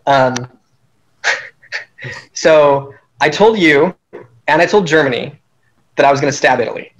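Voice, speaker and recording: A man's voice: fairly high pitch, slow, fairly bright tone, low-quality recording. A man casually recapping a strategy game he played, telling it animatedly and laughing at his own schemes.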